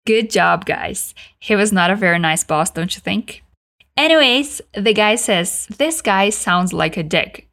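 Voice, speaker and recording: A woman teaching English, giving slow, clearly spoken repeat-after-me drills and switching into Portuguese to explain. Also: mid-range voice, animated, a bit bright. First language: Brazilian Portuguese. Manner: slow, carefully enunciated model sentences.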